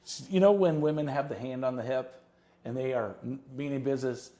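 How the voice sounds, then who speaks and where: A middle-aged man, a real estate agent on a podcast, telling lively stories and acting out the people in them. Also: medium pitch, fairly quick. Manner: lively, acts out quotes in his stories. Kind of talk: animated storytelling in an interview.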